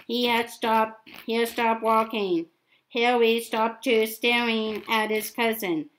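Woman, amateur read-aloud of a novel; hesitant, repeats words, unhurried, a touch high. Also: level tone, a bit bright, slight background noise, poor audio. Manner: halting, frequent stumbles and repeated words. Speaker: amateur reader.

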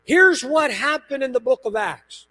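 A man, a pastor, preaching a sermon in a church, telling stories with lively emphasis and repeated phrases. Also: very high voice, measured pace. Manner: animated storytelling with emphatic repetition.

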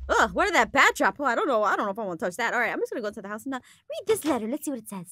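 A woman narrating and acting in a Minecraft role-play, excitable and full of gasps. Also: on the high side, racing, few pauses, over music.

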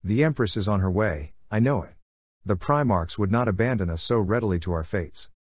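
An earnest young female scholar argues with hope and urgency, as a man reads her lines. The voice stays low and plain. It is recorded dry and close. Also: lively intonation, fairly quick, slightly rough, dry recording.

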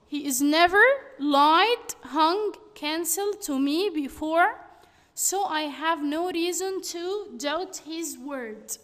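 A woman teacher reads through exercises slowly and carefully, stating each answer. Her voice sits high, and it carries a long echo from the room. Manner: slow, deliberate reading of answers. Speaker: English teacher. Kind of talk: reading workbook exercises aloud.

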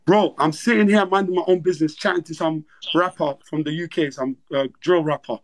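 A man hosting a livestream, retelling events in fast, slangy, repetitive chat. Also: on the high side. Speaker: livestream host. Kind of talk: animated storytelling on a livestream.

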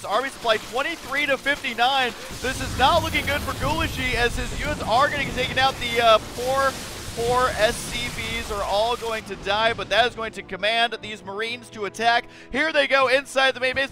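A man giving jokey, excitable game commentary that often jumps into high-pitched shouts. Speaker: esports caster.

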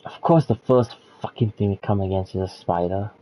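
A gaming streamer with a lowish, warm voice talks a little fast in a recording with no echo. Giving let's-play commentary, he reacts casually to the game, swears now and then, and reads in-game text aloud.

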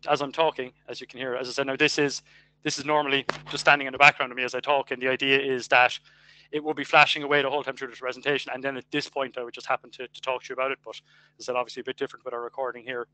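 A man's voice: mid-range voice, pushed and bright. A man with an Irish accent giving a recorded engineering lecture over a webcam, chatty and full of fillers and self-corrections. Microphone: webcam mic.

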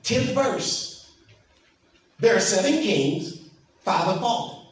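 A pastor preaching a sermon, emphatic and asking the congregation questions. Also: male voice, sits high, expressive, slow. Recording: echoey hall from far off, faint noise.

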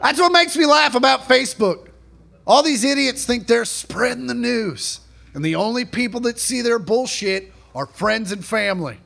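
A man doing a live stand-up set in a comedy club, mocking and profane, shouting his punchlines. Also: very high voice, expressive, normal speed, creaky. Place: comedy club stage before a laughing audience. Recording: live club recording, audience noise.

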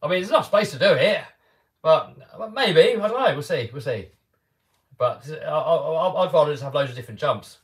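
English guy chatting on a live stream, bit higher voice, upbeat, lots of uh and I mean. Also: lively intonation, moderate pace. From England. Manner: chatty and upbeat, with many restarts and fillers. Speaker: RC car YouTuber hosting a live stream. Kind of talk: casual live-stream chat answering viewers.

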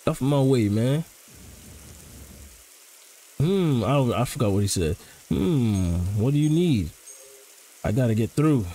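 A man's voice: mid-range voice, expressive, slow, pauses often, warm tone, poor audio. A man casually commentating as he plays a horror game, joking in slang and reacting to what happens. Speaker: gaming channel host.

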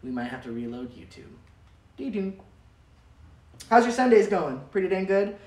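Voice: mid-range voice, sing-song, fast, darkish tone. Chatty livestream host in a roomy space. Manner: chatty, upbeat, rambling with fillers. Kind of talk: casual livestream chat. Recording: roomy sound from a distant mic.

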